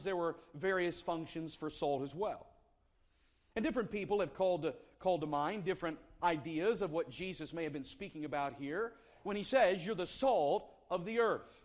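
A man preaching a sermon, earnest, slowing down to stress scripture quotes. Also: high-pitched. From South Carolina. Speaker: pastor.

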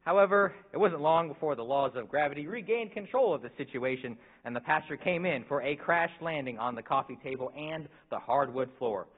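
Husky narrator, tinny sound. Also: male voice, on the high side, lively intonation, fairly quick, few pauses. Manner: vivid storyteller, playful timing. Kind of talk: scripted dramatic narration. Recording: tinny lo-fi recording.

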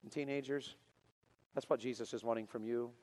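Animated man preaching a story sermon. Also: mid-range voice, brisk, big-room sound. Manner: animated, builds to loud excited preaching. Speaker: pastor.

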